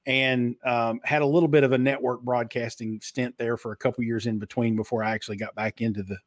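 A middle-aged man with a light Kentucky twang, talking in the smooth, controlled manner of a former radio broadcaster. He gives long, flowing answers in a dry, close recording. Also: medium pitch, flat delivery, fairly quick, no echo. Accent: slight Kentucky twang. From Eastern Kentucky. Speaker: guest, author and marketer. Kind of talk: casual interview.

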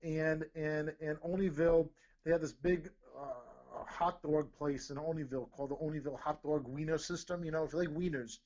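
Middle-aged male host, rambling casual chat, slightly high voice, dull lo-fi sound. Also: normal speed, a little mellow. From Rhode Island, USA. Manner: rambling, repeats words and says "okay?" often. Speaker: podcast host. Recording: dull lo-fi audio.

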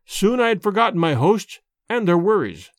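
A man narrating a classic ghost story in an expressive, old-fashioned storybook reading. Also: sits high, moderate pace, no echo. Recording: dry close recording with faint music.

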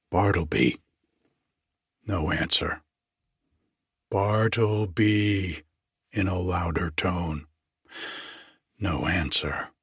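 Husky low-voiced guy reading an old story, slow and formal, dry close sound. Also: no room sound. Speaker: narrator. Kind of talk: audiobook reading of classic fiction.

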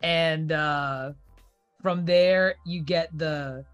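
A man co-hosting a podcast, chatting casually and enthusiastically, quoting characters in a low mumble. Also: steady tone, extremely slow, fairly bright tone, faint music behind. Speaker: podcast co-host.

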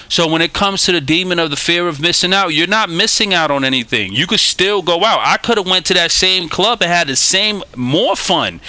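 A man hosting a recovery podcast, telling a story in a casual, animated way and acting out the dialogue with streetwise slang. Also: high voice, no room sound. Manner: animated, acts out quoted dialogue; streetwise slang, says "yo" and "y'all". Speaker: podcast host. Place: New York City.

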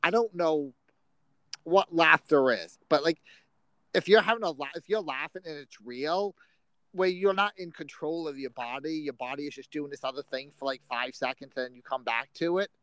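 A man's voice: a little high, normal speed, fairly bright tone, dry recording, low-quality recording. Rambling man on a dry podcast mic. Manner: rambling, searching for words. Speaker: podcast co-host. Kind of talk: casual chat.

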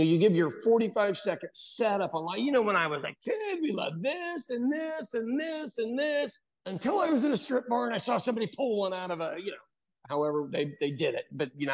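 An American man hosting a casual chat, an animated storyteller who mimics voices in his anecdotes. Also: on the high side, vocal fry. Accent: General American. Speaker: podcast host.

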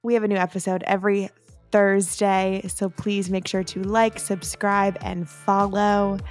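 A woman's voice: medium pitch, level tone, measured pace, no room sound, soft background music. A young woman co-hosting a casual family podcast, chatting in an easygoing way. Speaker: podcast co-host, daughter.

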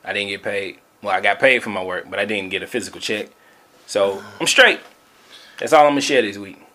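A man's voice: on the low side, a little fast, pushed and bright. A man co-hosting a casual podcast, joking and laughing often as he banters with a friend. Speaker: podcast co-host.

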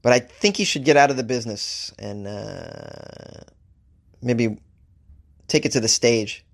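A man's voice: a little slow, vocal fry. A man hosting a comedy talk show, telling a story casually, cracking jokes and laughing at his own lines. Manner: wisecracking, laughs at his own jokes, animated shifts in pitch. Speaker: comedian podcast host.

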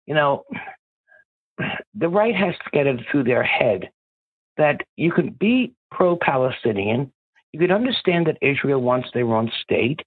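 A man's voice: mid-range voice, expressive, a little slow, husky, no echo. A man calling in to a political talk show, delivering an impassioned rant. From Ireland. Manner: impassioned, ranting. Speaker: caller. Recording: phone-line call.

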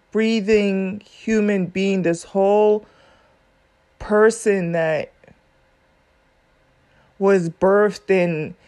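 Woman reacting to a court clip, earnest, rambling, mid-pitched. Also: dark tone. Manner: earnest, rambling, thinks aloud with many fillers. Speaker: commentator reacting to a court video. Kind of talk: casual commentary.

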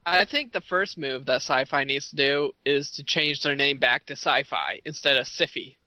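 A man's voice: medium pitch, moderate pace, sharp tone, dry recording. A man co-hosting a podcast in casual chat, sarcastic and given to ranting. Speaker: podcast co-host.

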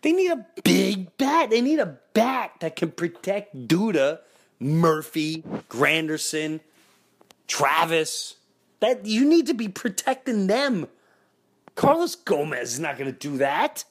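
New guy hosting a podcast, middle-aged, storytelling all fired up, voice on the higher side. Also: takes it slowly. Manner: excitable, swings into loud shouted impressions. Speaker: podcast host. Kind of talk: animated storytelling.

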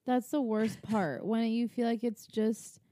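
Tipsy young woman comforting a friend, high voice, slow and drawn out. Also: fairly even intonation, warm tone. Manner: teasing, consoling, tipsy. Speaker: podcast co-host. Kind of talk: casual chat.

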